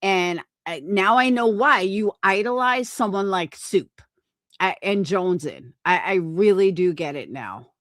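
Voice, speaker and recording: Slow, combative, foul-mouthed woman. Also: medium pitch, lively intonation, a bit bright, no room sound, studio quality. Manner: combative, profane, slow and deliberate. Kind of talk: heated livestream argument.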